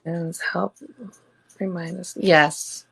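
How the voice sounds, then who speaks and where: A woman's voice: on the low side, level tone, takes it slowly, creaky, a bit bright, husky, low-quality recording. A woman co-hosting a podcast in casual chat, giving brief supportive responses.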